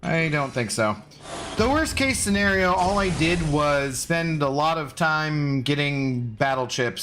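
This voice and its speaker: A man's voice: medium pitch, fairly bright tone. A man casually chatting with viewers while live-streaming a mobile game, greeting them by name.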